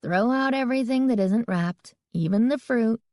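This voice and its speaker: A woman's voice: fairly high pitch, mellow, dry recording, clean studio sound, voice pushed up, lightly acted. A woman voicing a chatty young girl who teases with a slightly sarcastic edge. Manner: brisk, a bit sarcastic.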